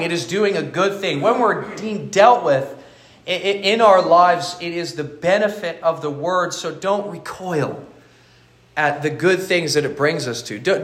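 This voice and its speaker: A man preaches a sermon in a slightly high voice. He speaks earnestly and often doubles a word as he begins a thought. The sound is roomy and echoey, like a church hall. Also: fairly bright tone. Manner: earnest preaching with frequent repeated words. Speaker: pastor.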